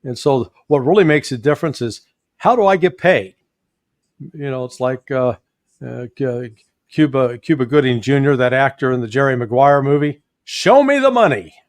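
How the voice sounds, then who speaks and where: A man with a Midwestern accent, a guest commentator talking politics in a folksy, animated way with joking asides. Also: medium pitch, moderate pace, no room sound, clean studio sound. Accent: Midwestern American.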